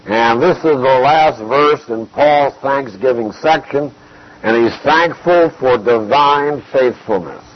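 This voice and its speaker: A man giving an expository Bible teaching, measured and emphatic, repeating key phrases to drive points home. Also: mid-range voice, lo-fi sound.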